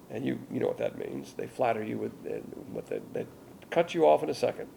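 A man teaching a verse-by-verse Bible lecture, blunt and digressive, reading scripture aloud more forcefully than his asides. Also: mid-range voice, very animated, a little fast, creaky, slight background noise.

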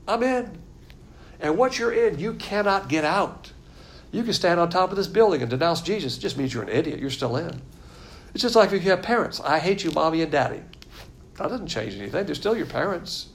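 Gravelly, emphatic male preacher. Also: on the high side. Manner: emphatic, conversational preaching with blunt humor. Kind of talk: sermon.

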